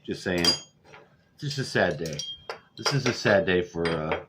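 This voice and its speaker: A man's voice: deep voice, lively intonation, normal speed, very noisy. A man over forty, ranting profanely and sarcastically in a rambling vlog. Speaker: vlogger. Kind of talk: profane political rant. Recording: dull lo-fi audio.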